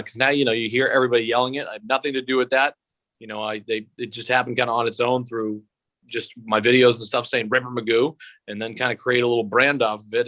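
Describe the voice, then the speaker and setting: A man's voice: mid-range voice, a bit bright, no echo. Profane, rambling man on a video call. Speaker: guest, sportscaster-style comedian. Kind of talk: casual interview over video call.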